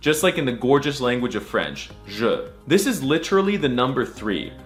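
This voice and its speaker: Goofy man with a lively voice. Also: mid-range voice, soft background music. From United States. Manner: goofy, crude, mock-outraged, drawn-out letter sounds. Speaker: comedic language explainer. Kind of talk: comedic scripted voice-over.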